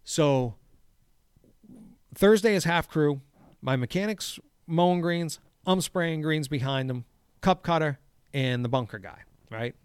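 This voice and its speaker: A man telling a story in casual conversation. He swears often and acts out the lines he shouted. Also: on the high side, a little slow, clear, resonant tone, no room sound, clean studio sound. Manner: profane, animated, acts out shouted quotes. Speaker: golf course superintendent.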